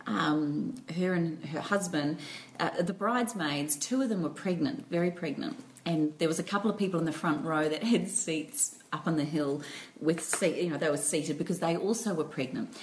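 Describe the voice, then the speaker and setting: A middle-aged woman co-hosting a podcast, telling stories in animated casual chat and often breaking into giggles. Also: low voice, normal speed, hardly any pauses, a little hiss or hum, low-quality recording. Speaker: podcast co-host.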